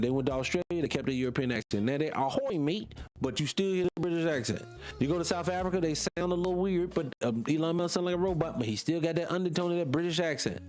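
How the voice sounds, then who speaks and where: A man's voice: fairly high pitch, darkish tone. A man from North Carolina, hosting a casual livestream and answering viewer comments in a rambling, heated, emphatic way. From North Carolina, USA. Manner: rambling, heated and emphatic, loses his train of thought. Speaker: livestream host.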